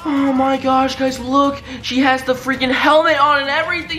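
In a reaction video, a woman gasps, exclaims and keeps addressing her viewers as "guys" in excitable commentary. Her voice sits high and a bit bright, with little pitch movement and a normal speed. The sound is roomy, with music playing behind her.

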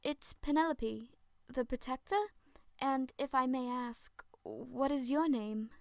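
A woman voicing a calm young female protector who carries swords, speaking in a matter-of-fact way, in a storybook horror tale. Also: high voice, takes it slowly, no echo, clean studio sound.

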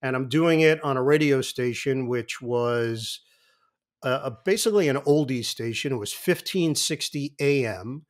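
A sportscaster in his fifties, a guest on an interview show, telling vivid, animated stories. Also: mid-range voice, normal speed. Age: 50s. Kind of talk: anecdotal interview talk.

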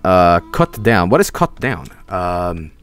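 Excitable man yelling at a video game. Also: low voice, takes it slowly, clean tone, faint music behind. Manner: excitable, swears, yells at game characters. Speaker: streamer. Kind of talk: gaming livestream commentary.

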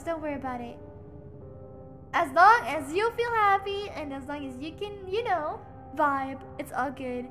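A woman streams a game from home, her voice pitched high and swinging widely as she chats. She reads the on-screen text aloud and swears freely, with faint game music underneath. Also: fairly bright tone. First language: German. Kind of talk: casual gaming livestream chat.

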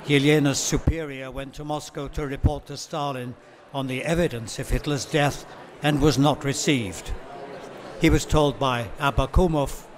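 At a book-fair talk, a literary translator with a medium-pitched voice reads excerpts in a measured way, occasionally saying "um" and correcting himself.

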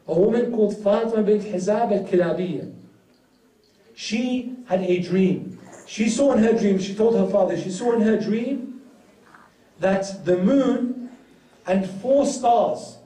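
A man telling a tragic story in a sermon, rising into an emotional lament. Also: mellow. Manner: storytelling that rises to an emotional, high-pitched lament. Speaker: Muharram speaker. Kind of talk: narrated religious sermon. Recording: roomy hall from far off.

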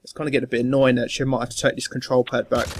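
Man, calm, sarcastic, mock-apologetic, fast-talking, faint background noise. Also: medium pitch. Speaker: prankster gamer. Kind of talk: in-game voice chat.

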